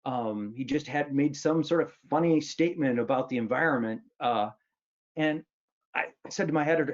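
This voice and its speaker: A man's voice: mid-range voice, fairly quick, highs cut off. A man in his fifties from Wisconsin, an author giving a humorous storytelling speech in a self-mocking way, full of ums and restarts. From Wisconsin, United States. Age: 50s. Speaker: author giving a luncheon talk.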